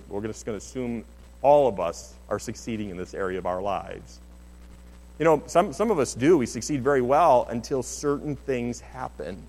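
A man's voice: mid-range voice, darkish tone. A middle-aged man preaching a sermon as pastor, in an earnest, conversational way with many restarts. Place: church sanctuary. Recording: long hall reverb.

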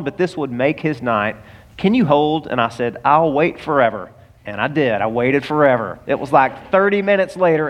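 A male pastor telling a personal story in a sermon, acting out both sides of a phone call in an animated way. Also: a little high. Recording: long hall reverb.

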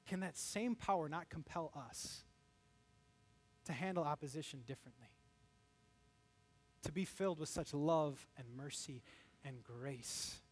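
A man preaching a sermon in a high, bright register. He talks in an animated way and briefly acts out the voices he quotes, then drops back into teaching. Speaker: pastor.

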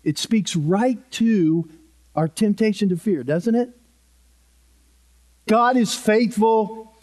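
Slow, high-voiced earnest preacher man. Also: darkish tone. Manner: earnest, emphatic, repeats key phrases. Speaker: pastor. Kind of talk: sermon.

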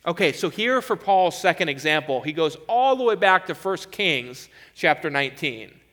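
Male preacher, bright tone, emphatic expository sermon delivery. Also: a little high, sing-song, moderate pace.

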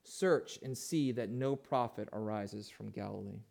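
A man preaching a sermon as pastor, asking his listeners questions and swinging between hushed, low passages and louder, emphatic ones. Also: a little slow, vocal fry.

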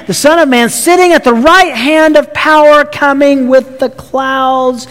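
A man with a very high voice preaches a sermon in a big reverberant hall. He talks emphatically, stumbling and restarting phrases as he presses each point home. Long reverb trails behind his words. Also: a little slow, fairly bright tone. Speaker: pastor.

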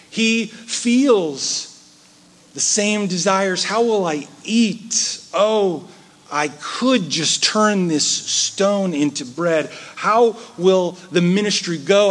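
A man preaching a sermon, swinging between loud emphasis and hushed, soft asides. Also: fairly high pitch. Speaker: pastor.

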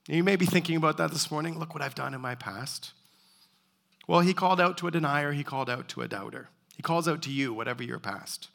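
Gravelly, bright-voiced male preacher. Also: fairly high pitch. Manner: earnest, pleading preaching with repeated rhetorical questions. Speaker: pastor. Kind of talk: sermon.

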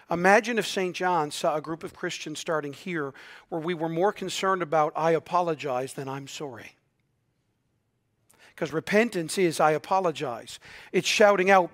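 A male pastor preaching a sermon earnestly, often dropping to a hushed, quiet delivery. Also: high voice, moderate pace.

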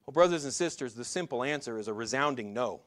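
A middle-aged male pastor giving a sermon in a conversational way, asking the congregation questions and slowing down to stress key lines. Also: mid-range voice, lively intonation, a bit bright. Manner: conversational preaching with rhetorical questions and slowed emphatic lines.

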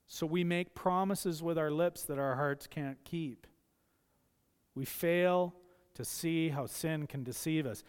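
High-pitched man preaching in a reverberant hall. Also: slow, clean tone. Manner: impassioned preaching, acting out quoted voices. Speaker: pastor. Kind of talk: sermon.

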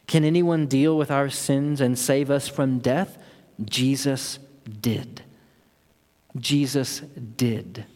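A man's voice: a little high, a little mellow. A man preaching a sermon as pastor, earnest and building to impassioned emphasis. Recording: long hall reverb.

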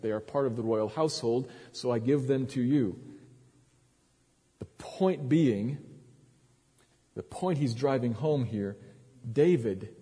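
A man's voice: medium pitch, mellow, slightly rough, big-room sound. A male pastor preaching a sermon, retelling a story with dramatic emphasis and frequent restarts.

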